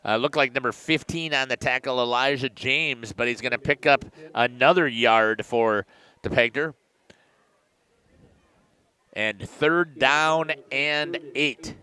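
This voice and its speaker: A man doing play-by-play commentary for a local high school football game, getting louder and higher on big plays. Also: slow pace, smooth. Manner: excited rising calls on big plays. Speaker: play-by-play announcer.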